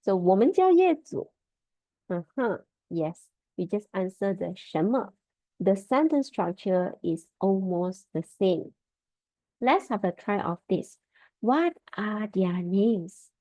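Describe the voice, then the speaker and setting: Slow, patient woman teaching Mandarin. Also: medium pitch, big pitch swings, warm tone, no room sound. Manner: slow, patient drilling of tones, repeating words. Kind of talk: online language lesson. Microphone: video call. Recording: dull lo-fi video call audio.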